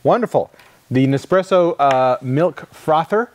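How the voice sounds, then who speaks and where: A man's voice: a little high, lively intonation, measured pace. A man hosting a casual gadget review chat, jokey and rambling. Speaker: podcast host.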